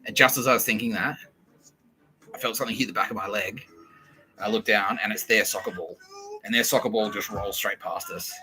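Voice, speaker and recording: A man's voice: fairly low pitch, a little fast, long pauses, noisy background. An Australian man hosting a podcast, telling a casual story with lots of swearing and acted-out quotes. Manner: animated, swears often, acts out quoted voices. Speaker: podcast host.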